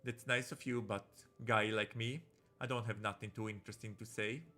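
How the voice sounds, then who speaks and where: A man's voice: steady tone, normal speed, sharp tone. A man voicing a shy, guarded young farmer of few words, who talks in clipped, plainspoken phrases. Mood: reserved. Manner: clipped, low-key, plainspoken.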